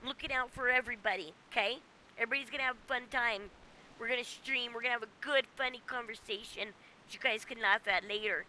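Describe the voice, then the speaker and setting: A woman's voice: fairly high pitch, quick pace, pushed and bright, a little hiss or hum. A woman game streamer ranting casually at home, exasperated and often ending with "okay?". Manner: exasperated, keeps tagging "okay?". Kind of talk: casual livestream rant.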